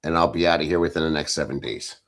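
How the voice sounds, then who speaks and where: Extremely low-pitched and quick, a Philadelphia man streams live, reading out comments in casual chat. His manner is blunt and profane.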